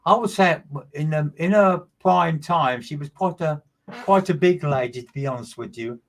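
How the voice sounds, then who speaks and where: A man with a somewhat high voice delivers a live streamed mediumship reading. He talks in an emphatic, repetitive manner, circling back over the same phrases and calling out listeners by name. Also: normal speed.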